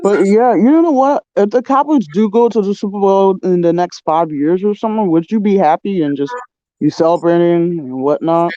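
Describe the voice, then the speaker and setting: Man, hesitant casual talker; smooth, mellow voice, lo-fi dry sound. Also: sits high, moderate pace, no room sound. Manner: hesitant, many fillers. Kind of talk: casual chat.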